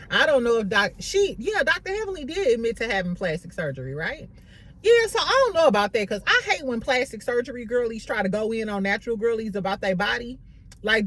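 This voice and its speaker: Animated gossipy woman recapping reality TV. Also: medium pitch. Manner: gossipy, profane, animated storytelling with laughs. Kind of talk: casual reality show recap.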